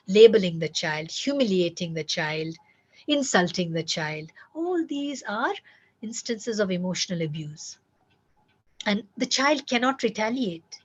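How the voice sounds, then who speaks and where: A woman's voice: medium pitch, breathy edge. A woman giving earnest, emphatic parenting advice, repeating key words and speaking directly to listeners. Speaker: parenting coach.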